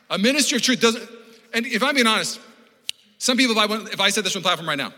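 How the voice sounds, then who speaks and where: Male pastor, sermon, fast talker, tense forceful tone, animated, restarts often, long church reverb. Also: sits high. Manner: animated, acts out quoted voices, conversational with restarts. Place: church auditorium.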